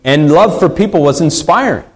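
A man's voice: fairly high pitch, expressive, normal speed, rough recording. A man preaching a sermon in an earnest way, repeating key phrases for emphasis. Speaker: pastor.

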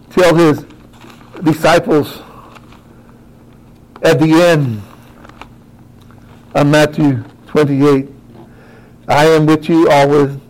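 A man preaching a sermon who talks directly to his congregation, moving from quiet asides to rising, emphatic exclamations. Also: a little high, poor audio.

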